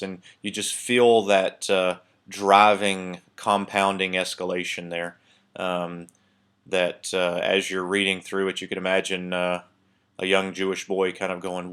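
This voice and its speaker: A man giving a casual recorded lesson on a Bible passage, thinking aloud with many pauses, fillers and restarts. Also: sits low, steady tone, a bit bright. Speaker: Bible teacher. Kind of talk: screen-share lecture on Hebrew text.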